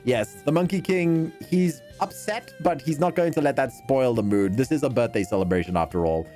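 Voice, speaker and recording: A man narrating as game master of a tabletop game, lively and quick to laugh, with frequent restarts. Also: mid-range voice, faint music behind.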